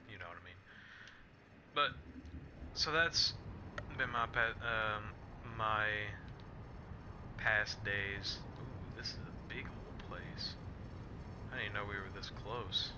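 A man's voice: lowish voice, takes it slowly, long pauses, background noise. A young man telling a rambling story in casual chat while playing a game, with frequent restarts and fillers, breaking off now and then to react to the action. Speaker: gamer vlogger. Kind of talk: casual chat over gameplay.

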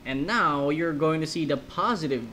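A man's voice: on the high side, moderate pace, bright, forceful tone, a little hiss or hum, low-quality recording. Rambling, joking gameplay commentator, a man. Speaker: let's play host.

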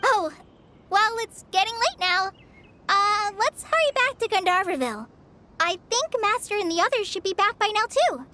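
A woman voicing a sweet, shy young female forest ranger trainee in a video game, talking gently and stammering when flustered. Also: very high voice, animated, moderate pace, slight background noise, heavily acted. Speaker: game character. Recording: game cutscene with faint music.

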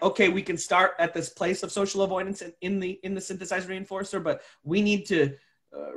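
Man webinar co-host, earnest and thoughtful, tends to restart his sentences. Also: fairly high pitch. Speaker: co-host presenter. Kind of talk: professional webinar discussion.

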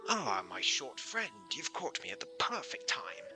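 A man's voice: medium pitch, huge pitch swings, a little slow, over music, poor audio. A man voicing an old, genteel male bug who draws maps, reading game dialogue aloud in a courteous, leisurely way. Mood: genial.

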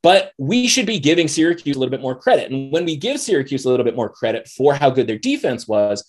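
A man analyzing football bets in a casual, animated podcast chat, peppering his talk with "like" and "right?". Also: fairly high pitch, slightly rough. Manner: animated, conversational, lots of "like" and "right?". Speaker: betting analyst.

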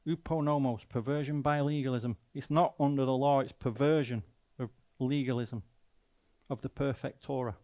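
A man's voice: mid-range voice, steady tone, moderate pace, muffled recording. A man with a Mancunian accent preaching a sermon as a guest speaker, emphatic and full of rhetorical questions.

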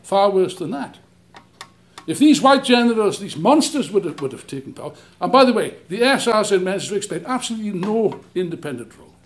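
A man giving an impassioned speech at a public debate, indignant and forceful, firing off rhetorical questions and restarting his phrases as he presses his point. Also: sits high, sing-song, fairly quick. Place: lecture hall.

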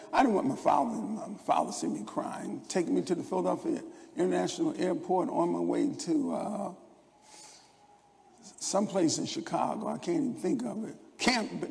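An older man preaches in a church sanctuary, his voice high-pitched yet dark and mellow in tone. He tells stories in a rambling way, stammering and restarting as he goes. The sound carries a long reverb from the hall. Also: gravelly. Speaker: pastor. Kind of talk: sermon.

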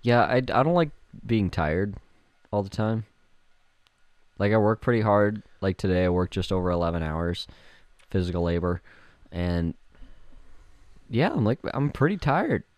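A man's voice: on the low side, lively intonation, measured pace, pauses often, a little mellow, no room sound. A young man from Canada co-hosting a podcast, laid-back, blunt and teasing. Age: young adult. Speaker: podcast co-host. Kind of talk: casual chat.

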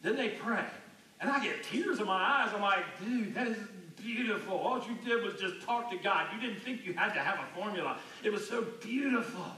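A man preaching a sermon as a pastor, talking in a conversational way and dropping to a hushed voice when telling stories. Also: high-pitched, animated, moderate pace, a little hiss or hum. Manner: conversational, drops to a hushed near-whisper in stories. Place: church sanctuary. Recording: echoey church hall, mic at a distance.

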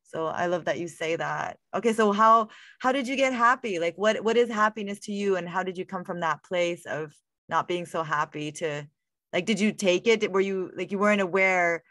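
A woman's voice: on the low side, moderate pace, a bit bright, dry recording, clean studio sound. A woman hosting a casual interview, reflective and speaking in loose run-on phrases. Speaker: host.

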